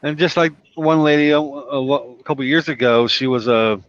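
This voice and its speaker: A man's voice: on the high side, normal speed, fairly bright tone, no room sound. Rambling trucker man, lo-fi stream. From Delaware, US. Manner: rambling anecdotes with many restarts. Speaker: trucker and show regular. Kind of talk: casual storytelling on a live chat. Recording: dull lo-fi stream audio.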